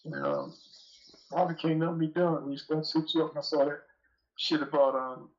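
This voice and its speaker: A man calls into a show and tells a long, rambling, profane story with an aggrieved edge. His voice sits a little high for a man. The call audio is dull and lo-fi. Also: very animated, a little fast. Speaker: call-in guest. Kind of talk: casual storytelling. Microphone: phone call.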